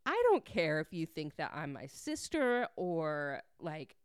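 A woman's voice: sits low, very animated, slow, clean tone, no room sound, clean studio sound, exaggerated voice. A woman voicing a fed-up young woman, indignant and exasperated. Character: fed-up young woman on her worst day.

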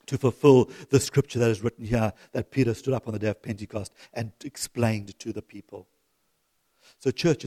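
Lively middle-aged male preacher. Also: mid-range voice. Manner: lively preaching, swings from loud exhortation to soft asides, chuckles. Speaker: pastor. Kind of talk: sermon. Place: church.

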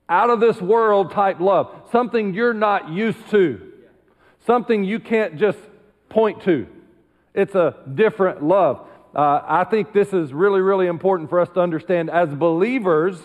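High-voiced pastor preaching slowly. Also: male voice, big-room sound. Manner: emphatic preaching, drops to quiet asides. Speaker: senior pastor. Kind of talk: sermon. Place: church sanctuary.

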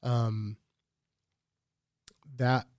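A man's voice: medium pitch, flat delivery, very slow, a little mellow, dry recording. Chill guy in his 30s cussing and laughing thru a casual podcast chat, dry close sound. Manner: laid-back, swears a lot, laughs often. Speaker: podcast co-host.

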